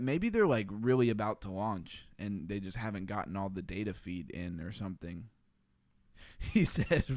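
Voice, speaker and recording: A man's voice: medium pitch, dry recording, clean studio sound. Laughing man hosting a crypto livestream. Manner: laughing often, reading chat aloud. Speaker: livestream host. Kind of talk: casual livestream commentary.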